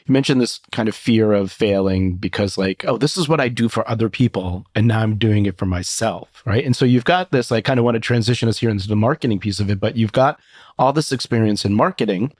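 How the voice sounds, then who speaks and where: A man's voice: fairly low pitch, a little fast, darkish tone, no room sound, clean studio sound. A man hosting a podcast, asking long, thoughtful questions that circle before he lands on them. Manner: thoughtful, rambling questions with restarts. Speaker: podcast host. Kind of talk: interview questions.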